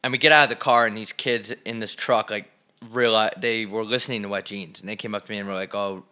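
A young man chats on his podcast, telling stories with a bright, clear tone. He swears freely and jumps his voice up high to act out the people in his anecdotes. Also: fast. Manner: animated storyteller, swears, acts out quotes loudly. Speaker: podcast co-host. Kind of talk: casual storytelling chat.

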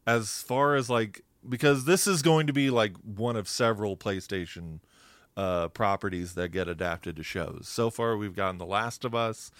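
A man's voice: fairly low pitch, normal speed, a bit bright, dry recording. A man co-hosting a podcast in a casual chat, who explains at length with fillers and self-corrections. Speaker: podcast co-host.

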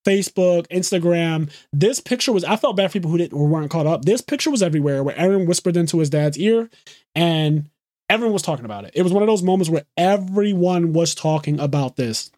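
A man hosting a podcast, excitedly recapping an anime episode in casual, profane, run-on talk. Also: on the high side, no room sound, clean studio sound. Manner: excited, swears freely, rapid run-on retelling. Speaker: podcast host.

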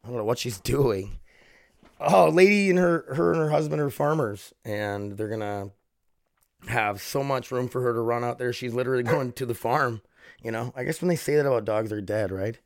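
A man's voice: medium pitch, normal speed, gravelly, no echo, clean studio sound. A man hosting a casual solo podcast from home, rambling, swearing freely and laughing often. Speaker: podcast host.

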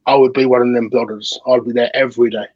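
A man's voice: mid-range voice, little pitch movement, fast, slightly rough, dry recording, highs cut off. An English man talking as a guest in casual chat, chatty and eager, often saying "you know". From England.

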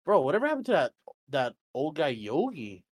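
A man's voice: fairly high pitch, wildly swooping pitch, brisk, no room sound, clean studio sound. A man co-hosting a podcast in casual, rambling chat, swearing freely. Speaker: podcast co-host. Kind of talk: casual chat among friends.

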